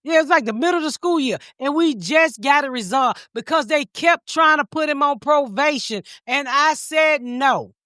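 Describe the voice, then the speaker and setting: Woman podcast host, cussing and laughing through a story, kinda high voice. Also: moderate pace, few pauses, no echo, studio quality. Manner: profane, animated, laughs while telling stories. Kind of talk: casual comedic storytelling.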